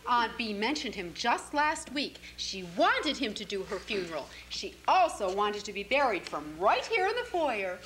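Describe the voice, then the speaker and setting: A woman's voice: fairly high pitch, very animated, normal speed, hardly any pauses, fairly bright tone. A woman playing a scheming society woman in a stage play, dramatic and cutting. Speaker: community theater actor. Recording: roomy stage recording, faint hiss.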